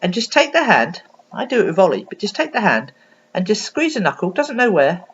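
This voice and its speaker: A woman's voice: medium pitch, very animated, brisk, highs cut off, slight background noise. A woman speaking as an anxiety coach, giving an earnest, explanatory tutorial with frequent ums and restarts, recorded on a computer webcam. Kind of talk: casual spoken tutorial.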